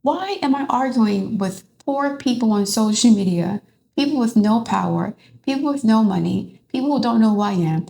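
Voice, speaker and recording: A woman's voice: fairly high pitch, expressive, moderate pace, gravelly, mellow, slight background noise. A woman voicing a weary, fed-up rich older man who complains in an exasperated way.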